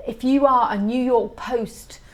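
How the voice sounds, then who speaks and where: A middle-aged woman being interviewed as an author, telling stories in an animated, chatty way. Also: fairly high pitch, measured pace. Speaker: author guest. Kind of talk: casual interview chat.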